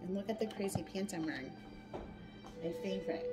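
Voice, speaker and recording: A woman's voice: medium pitch, brisk. Chatty woman hosting a home cooking show. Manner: chatty, narrates each step aloud. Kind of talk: casual cooking demonstration. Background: background music.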